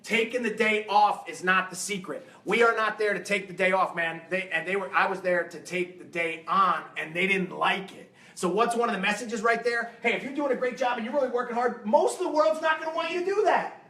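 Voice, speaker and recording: A man giving an energetic, emphatic motivational talk to a live seminar audience, firing rhetorical questions at them. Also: high voice, brisk, few pauses. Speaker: fitness coach and motivational speaker. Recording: roomy hall sound, mic at a distance.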